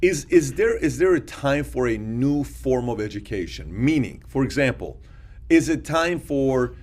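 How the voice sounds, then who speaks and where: A man's voice: mid-range voice, lively intonation, unhurried, a little mellow. A middle-aged man co-hosting a podcast, thinking aloud in a casual discussion and often restarting his sentences. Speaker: podcast co-host.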